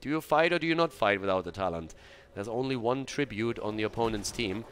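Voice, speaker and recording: A man casting a video game match on his own, mixing brisk play-by-play with coaching tips. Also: fairly low pitch, lively intonation, fairly bright tone, slight background noise. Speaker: esports caster. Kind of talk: solo match commentary with analysis.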